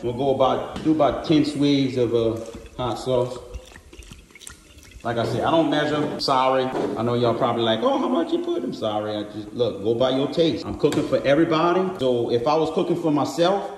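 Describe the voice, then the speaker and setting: A man's voice: medium pitch, darkish tone. A man hosting a casual cooking demonstration, chatting folksily and straight to the viewers while filming on a handheld phone. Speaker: cook and host. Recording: roomy distant sound, faint background noise.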